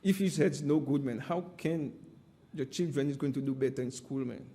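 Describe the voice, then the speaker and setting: A man's voice: mid-range voice, moderate pace, warm tone. A man giving emphatic, impassioned testimony at an inquiry and repeatedly addressing the panel as "my friend". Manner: emphatic and repetitive, often says "my friend".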